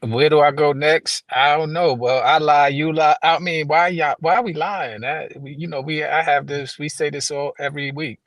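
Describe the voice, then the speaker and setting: A man's voice: on the high side, steady tone, moderate pace, few pauses, a bit bright, dry recording. A man in casual chat on a video call, blunt and dismissive.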